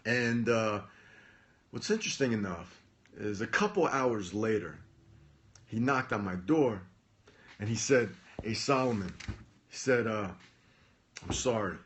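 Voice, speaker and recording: A man's voice: medium pitch, animated, a little slow, pauses often, a bit bright. A man and former Marine officer telling a personal story in a casual, chatty vlog style. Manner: chatty, with frequent fillers and restarts. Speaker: motivational vlogger.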